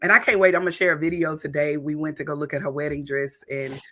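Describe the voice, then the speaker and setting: An emphatic woman pastor speaks on a church talk show, pressing her points in a preacherly way. Her voice is bright and forceful. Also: sits low, steady tone, fast talker. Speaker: pastor and co-host.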